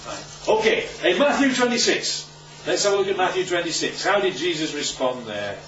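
A man preaching in an animated, swooping voice that sits a little high. He keeps prodding his listeners with quick rhetorical questions. He is recorded from a distance in an echoey room, and the sound is somewhat muffled. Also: background noise. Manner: emphatic, lively teaching delivery. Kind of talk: sermon-style Bible teaching. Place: room with a live audience.

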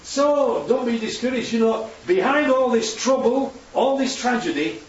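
A man's voice: very high voice, lively intonation, normal speed. A man giving an informal Bible teaching talk, chatty and full of tag questions. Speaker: preacher teaching from slides. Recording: echoey room, distant dull mic, faint hum.

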